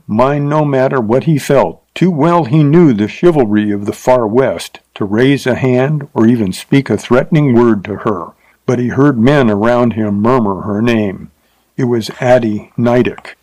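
A man reading a Western novel aloud as an audiobook narrator, in steady, measured storytelling. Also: mid-range voice, no room sound, rough recording.

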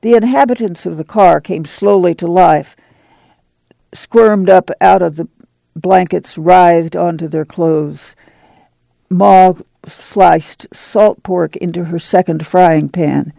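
Gravelly, mellow male audiobook narrator. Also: sits high, steady tone, slow, no room sound.

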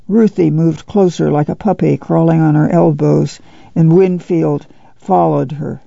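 Man reading a novel, measured and steady, very gravelly, dark tone, dull dry sound. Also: fairly high pitch, no room sound. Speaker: audiobook reader. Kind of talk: literary audiobook narration on radio. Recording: dull dry lo-fi studio read.

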